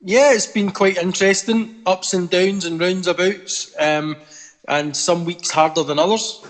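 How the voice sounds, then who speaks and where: A man's voice: high-pitched, steady tone, unhurried. A man, a pastor, speaking plainly and steadily on a video call.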